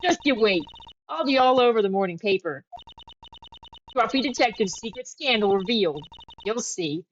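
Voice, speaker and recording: A woman's voice: a little high, animated, normal speed, long pauses, slight background noise, close to an everyday voice. Woman reading as a brash Southern reporter gal. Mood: pushy. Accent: put-on Southern US. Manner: pushy, brash. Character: brash nosy female reporter, pushy. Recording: dull lo-fi audio. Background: game music.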